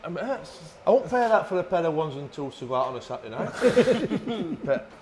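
A man's voice: fairly high pitch, big pitch swings, normal speed, noisy background. A middle-aged man, a footballer guest telling blunt, sweary stories in a casual chat. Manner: blunt, sweary, laughs through his stories.

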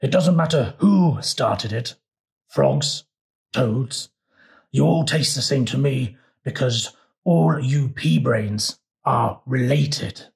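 A man putting on a growling, touchy alligator. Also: creaky. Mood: menacing. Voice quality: low slow growl. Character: grumpy hungry male alligator, touchy.

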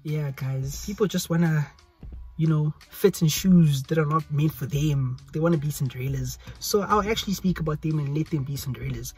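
Husky-voiced young South African man. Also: on the high side, moderate pace, darkish tone, faint music behind. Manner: chatty, rambling, repeats pleas. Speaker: YouTuber. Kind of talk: casual vlog talk to camera. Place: hot indoor room. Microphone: phone selfie camera.

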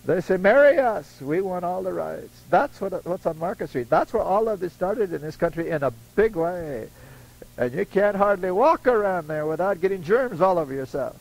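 Lively gravelly older preacher. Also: male voice, sits high, moderate pace, rough recording. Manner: acts out voices in his stories, chuckling asides. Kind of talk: folksy storytelling sermon.

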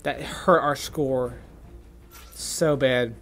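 A man giving casual gameplay commentary, excitable and quick to swear, stammering and restarting when worked up. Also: mid-range voice, gravelly, soft background music. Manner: excitable, swings from gleeful to furious ranting. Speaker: gaming YouTuber.

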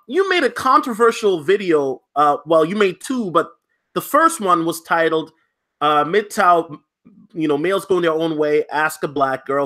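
A man's voice: sits high, bright, forceful tone. A man hosting a casual livestream interview in an upbeat way, reading viewer comments aloud. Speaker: livestream host.

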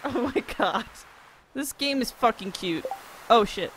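A woman's voice: a little high, animated, moderate pace, a bit bright, slight background noise. A woman commenting while playing a farming game, joking and swearing freely. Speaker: gamer. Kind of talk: let's play commentary.

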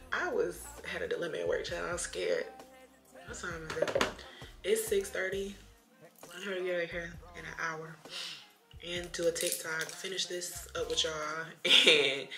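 A woman's voice: lowish voice, bright, forceful tone. A young woman, a little tipsy, chatting playfully to her viewers while doing her makeup at home. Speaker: beauty vlogger. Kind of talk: casual get-ready-with-me chat. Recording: roomy room with music playing behind.

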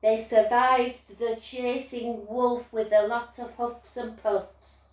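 A woman storyteller gently signing off after reading a children's story, unhurried and kind. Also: on the high side, flat delivery. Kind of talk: casual sign-off after a read-aloud story. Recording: echoey room, voice a bit distant from the mic.

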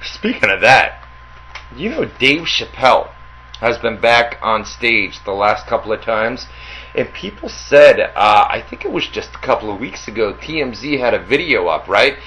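A man co-hosting a casual radio chat with a lively, swooping delivery. He is defensive and animated, swears freely and keeps saying "dude". Faint noise sits behind him. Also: medium pitch, normal speed, low-quality recording. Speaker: radio show co-host.

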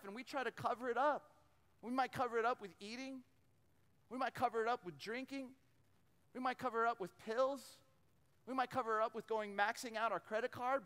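A man preaching a storytelling sermon, animated, acting out voices and often repeating words as he goes. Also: very high-pitched. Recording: long hall reverb.

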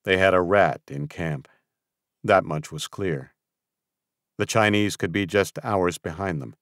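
Male audiobook narrator, deep voice, dry close sound, steady storytelling. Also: a little slow, dry recording. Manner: reads with character voices. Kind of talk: scripted narration.

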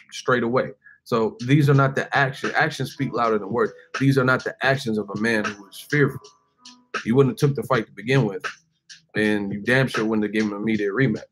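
A man in his forties, host of a boxing channel, ranting casually to camera with jokes and laughter. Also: mid-range voice. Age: 40s. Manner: joking, acts out quoted voices, laughs often.

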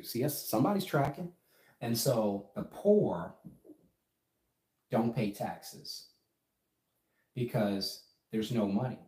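A man's voice: mid-range voice, a little mellow. A middle-aged man giving an emphatic, casual business lesson on a livestream, often checking in with "right?". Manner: emphatic, keeps asking "right?". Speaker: business coach. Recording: echoey room.

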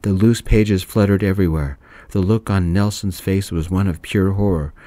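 A man narrating a story in a soft-spoken, calm way. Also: sits low, moderate pace, no room sound.

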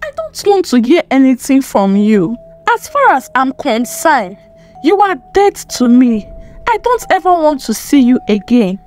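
A woman's voice: sits high, big pitch swings, unhurried, a little mellow, soft background music. A woman voicing a betrayed young wife, emotional as she pleads and accuses. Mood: furious.

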